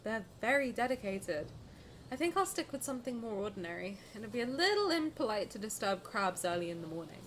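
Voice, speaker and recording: A young woman streaming a game reaction, reading the story aloud and gushing excitedly, swearing freely. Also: mid-range voice, a little fast, slight background noise.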